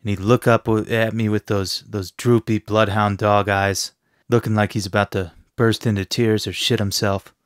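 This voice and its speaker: A brash male fitness trainer in a casual podcast interview, talking in a crude, intense way. His voice is smooth and resonant, set a little low, and the close mic gives a dry sound with no room in it. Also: little pitch movement, normal speed, no room sound.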